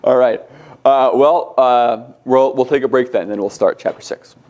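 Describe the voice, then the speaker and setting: Male Greek teacher, mid-pitched voice, halting classroom lecture with fillers and restarts. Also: steady tone, darkish tone, dull audio. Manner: halting, many ums and restarts, slows for key terms.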